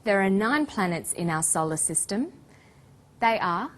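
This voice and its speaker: A woman narrating an English language lesson in a clear, scripted teaching manner. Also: mid-range voice, lively intonation. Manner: slow, clear teaching delivery.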